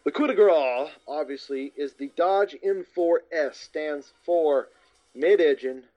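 A man's voice: a little high, takes it slowly, dark tone. A man co-hosting a podcast, rambling through details and correcting himself as he goes. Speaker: podcast co-host. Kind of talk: casual chat. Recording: dull lo-fi with faint music.

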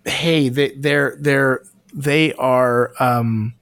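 A man's voice: mid-range voice, fairly even intonation, extremely slow, a bit bright, no echo, studio quality. A man co-hosting a casual podcast discussion, speaking earnestly and hunting for the right words with many restarts. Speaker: podcast co-host.

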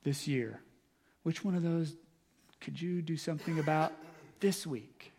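A male pastor speaking with an earnest, encouraging manner from the front of a church. His voice sits slightly higher than most men's, and every phrase trails into a long church reverb. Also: a little slow, darkish tone, slight background noise. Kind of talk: sermon.

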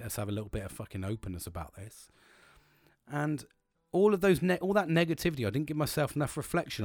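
A man's voice: mid-range voice, a little mellow, no echo. A middle-aged British man hosting a podcast, talking frankly and reflectively about his own struggles, with lots of swearing and real emotion. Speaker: podcast host. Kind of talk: candid personal monologue.

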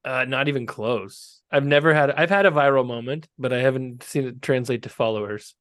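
A man's voice: mid-range voice, fairly quick, fairly bright tone, no echo, studio quality. A man co-hosting a podcast in casual chat, sarcastic and often laughing. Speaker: podcast co-host.

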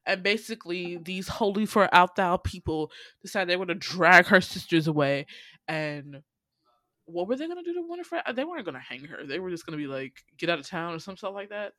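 Animated, foul-mouthed woman podcast host, dry close-miked sound. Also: fairly low pitch, a little fast, no echo. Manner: profane, animated, laughs often. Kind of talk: casual movie recap.

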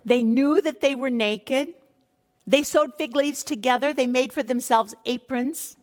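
A woman giving sermon-style Bible teaching with passion, sometimes crying out lines as God and dropping her voice low when she warns about sin. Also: long reverb tail. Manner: impassioned, acts out God crying out.

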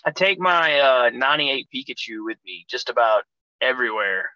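A man's voice: mid-range voice, animated, normal speed, sharp tone, no room sound, low-quality recording. A young man, a pro wrestler guest, telling rambling road stories in casual chat, swearing constantly. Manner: profane, rambling storyteller.

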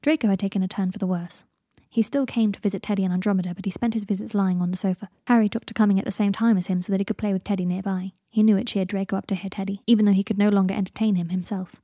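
A woman reading a fan story aloud, softly, often slipping into a whisper. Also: medium pitch, steady tone, rapid-fire, no room sound, studio quality. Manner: soft voice, dropping into whispers for narration tags. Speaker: fan fiction reader. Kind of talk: audiobook narration.

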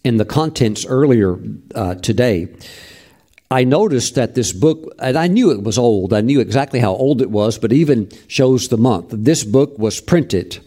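A man's voice: mid-range voice, animated, moderate pace, dark tone. A male pastor teaching from scripture in a conversational, emphatic sermon style.

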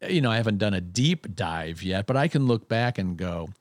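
Low-voiced man telling a story. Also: normal speed, dry recording, clean studio sound. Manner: animated storyteller, self-deprecating, many restarts. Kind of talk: casual conversation.

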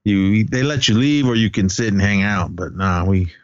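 A man's voice: lowish voice, moderate pace, dry recording, highs cut off. A man co-hosting a podcast, chatting casually about a movie and his school days, rambling and laughing often. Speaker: podcast co-host.

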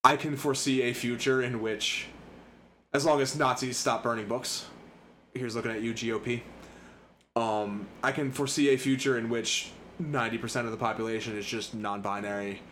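A man's voice: on the low side, fairly even intonation, a little fast, fairly bright tone. A man in his thirties co-hosting a podcast, chatting casually with sarcastic jokes and casual swearing. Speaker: podcast co-host. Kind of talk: casual chat. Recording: faint background noise.

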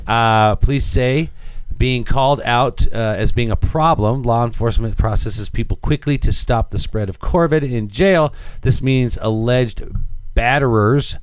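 A man's voice: mid-range voice, a little slow, smooth, dry recording. A middle-aged man co-hosting a casual banter show, reading news items aloud and then joking about them. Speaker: co-host.

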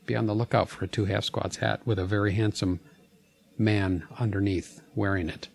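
A man's voice: lowish voice, steady tone, normal speed, gravelly, darkish tone. A man co-hosting a podcast in casual chat, easygoing and joking with frequent fillers. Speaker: podcast co-host.

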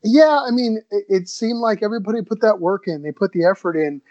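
An enthusiastic, laid-back man chatting casually as a podcast co-host, his voice sitting a little high. The sound is dry and somewhat dull and muffled. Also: animated, a little fast, darkish tone, no echo. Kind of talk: casual chat.

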